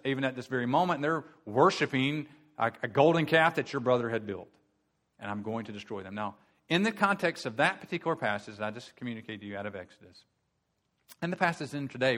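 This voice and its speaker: Male pastor, sermon delivery, casual teaching tone that climbs to loud emphatic peaks. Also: mid-range voice. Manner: conversational, rhetorical questions, rises to forceful emphasis. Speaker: preacher. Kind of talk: expository sermon.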